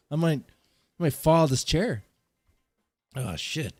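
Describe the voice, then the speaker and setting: A man's voice: a little high, lively intonation, unhurried, darkish tone, no room sound, soft background music. Stuffy-nosed man ranting casually. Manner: rambling, joking, with coughs and sighs. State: stuffed-up nose; short of breath. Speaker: vlogger host. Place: home garage studio.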